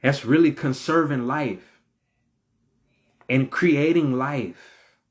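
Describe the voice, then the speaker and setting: A man's voice: mid-range voice, takes it slowly. A man hosting his own video, giving a casual spiritual talk full of rhetorical questions in a preachy manner. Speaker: video host.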